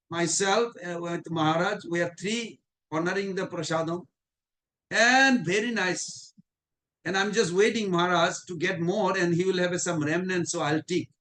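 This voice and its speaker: High-voiced man telling devotional anecdotes. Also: a bit bright. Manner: storytelling with frequent chuckles; informal non-native English phrasing. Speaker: devotional class speaker. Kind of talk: anecdotal devotional class talk.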